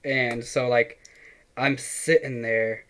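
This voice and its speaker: A man's voice: mid-range voice, flat delivery, slow, fairly bright tone, clean tone, low-quality recording. A young man chatting casually as podcast co-host, telling a story with lots of swearing and filler words. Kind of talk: casual chat.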